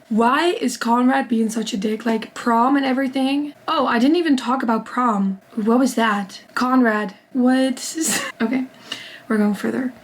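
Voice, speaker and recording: Young woman, fairly high voice, book vlogger reading aloud with excited asides. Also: unhurried, poor audio. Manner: reads in a steady first-person narration, bursting into excited reactions. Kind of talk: reading a novel aloud with reactions.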